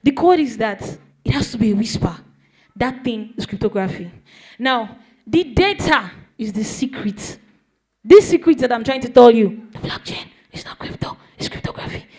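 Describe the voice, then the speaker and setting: A woman's voice: a little high, animated, moderate pace, dark tone, husky. A woman explaining a topic to a young audience in a playful way, often asking them questions. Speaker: speaker teaching young people. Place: event hall.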